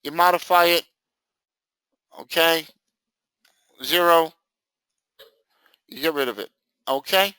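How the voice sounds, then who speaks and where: Male trading instructor, high bright voice, joking and animated, close dry mic. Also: slow pace, long pauses, clear, resonant tone, no room sound, rough recording. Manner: animated, jokey, acts out students' reactions. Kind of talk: live screen-share training session.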